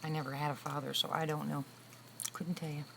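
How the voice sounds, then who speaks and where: An older woman in her sixties with a notably low voice, chatting casually with her livestream viewers. She tells stories in a relaxed, talkative way and laughs often. A faint hiss of background noise sits under her voice. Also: brisk, vocal fry, rough recording. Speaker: livestream host. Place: room with a loud air conditioner.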